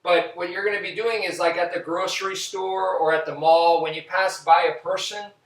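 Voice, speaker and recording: A man's voice: high voice, normal speed. Man teaching from across an echoey room. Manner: relaxed, talks while demonstrating moves and counting. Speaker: martial arts instructor. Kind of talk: casual demonstration teaching. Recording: roomy echo, from a distance.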